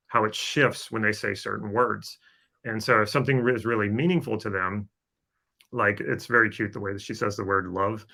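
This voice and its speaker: Bright-toned man explaining on a podcast. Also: on the low side. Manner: explanatory, coaching tone with frequent fillers. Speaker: podcast co-host. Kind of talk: casual podcast chat.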